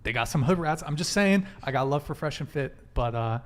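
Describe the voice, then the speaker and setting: A man's voice: on the high side, animated, fairly quick. A young man from Southern California hosting a casual live-stream chat, laid-back and slangy, reading out donation messages. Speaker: host.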